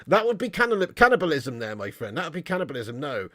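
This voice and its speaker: A man's voice: sits high, big pitch swings, quick pace, fairly bright tone. A man hosting a football livestream, chatting casually, joking and laughing with British slang as he reads viewer messages. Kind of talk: casual livestream chat reading super chats.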